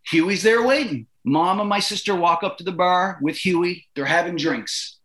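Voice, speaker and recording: A middle-aged Canadian man telling a long story in a casual interview, animated and profane, acting out the voices of the people in it. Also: high voice, moderate pace. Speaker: guest.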